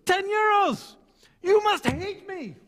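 A man voicing an excitable, haggling male leather merchant who pleads in wild exaggeration. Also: slow, exaggerated voice. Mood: outraged pleading. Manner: wildly exaggerated, pleading, high-pitched. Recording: long hall reverb.

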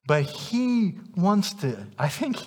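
A man's voice: sits high, sing-song, slow. A man preaching a sermon as pastor, emphatic and challenging his congregation directly, heard in a church sanctuary. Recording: long reverb of a church hall.

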